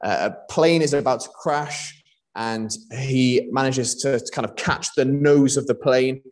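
A man's voice: medium pitch, measured pace. A young man from Wales preaching a sermon in a conversational way, with frequent fillers and restarts.

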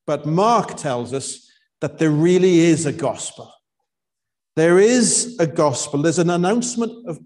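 Slow, mellow-voiced male preacher. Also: a little high. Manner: slow, emphatic preaching with dramatic pauses. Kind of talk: sermon.

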